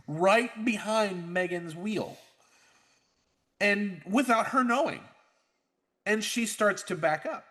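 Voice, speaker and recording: Podcast host, male, slightly higher voice, animated storyteller who acts out the voices of people in his story. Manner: animated storyteller, acts out quotes, laughs often. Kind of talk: casual podcast chat, storytelling.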